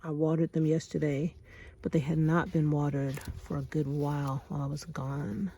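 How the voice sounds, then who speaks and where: A woman's voice: sits low, flat delivery, moderate pace, noisy background. A woman in her thirties walking through her backyard garden and talking to viewers in a chatty, sighing way, calling them y'all. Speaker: homestead vlogger. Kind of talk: casual garden vlog.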